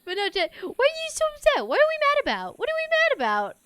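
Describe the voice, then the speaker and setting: A woman putting on a very high, loud cooing voice to calm her dog. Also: quick pace, no echo, clean studio sound, full character voice. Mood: squeaky cooing.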